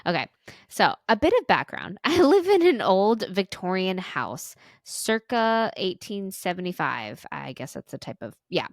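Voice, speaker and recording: A woman's voice: medium pitch, very animated, a little slow, gravelly, dry recording, studio quality. A woman podcast co-host reading a listener's story aloud, with small stumbles and restarts.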